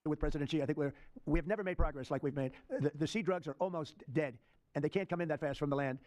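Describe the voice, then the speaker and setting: A man's voice: on the high side, fast, darkish tone. An older man answering reporters' questions in rambling, repetitive, dismissive remarks at a press conference.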